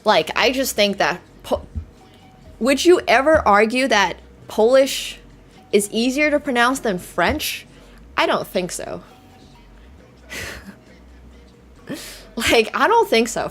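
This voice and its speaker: Slow, chatty woman streamer. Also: on the high side, a bit bright. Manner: chatty, heavy use of "like", laughs easily. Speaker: chess streamer. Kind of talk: casual chat with live viewers.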